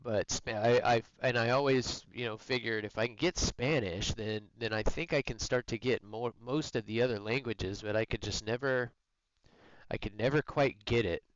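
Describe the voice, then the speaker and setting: A man chats with his viewers while gaming, drifting from story to story and teasing them along the way. His voice is smooth and resonant at a middling pitch. The sound is dry and a little muffled, like a modest stream mic. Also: moderate pace, dry recording. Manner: rambling, joking and teasing with viewers. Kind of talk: casual chat while gaming.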